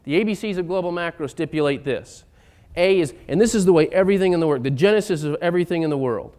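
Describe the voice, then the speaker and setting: Emphatic man with a smooth voice. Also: fairly high pitch, animated, fast. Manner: emphatic, building to loud insistent points. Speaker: economic speaker. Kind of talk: lecture-style talk.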